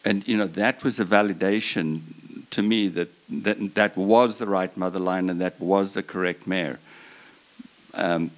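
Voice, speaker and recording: A man's voice: low voice, steady tone, measured pace. A man speaking on a breeders' panel, telling a long personal story in an earnest, passionate way, often restarting his sentences. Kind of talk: storytelling at a live talk.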